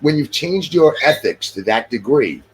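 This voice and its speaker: Emphatic middle-aged guy chatting, pitch all over the place, bit of background noise. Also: big pitch swings, normal speed. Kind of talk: casual chat.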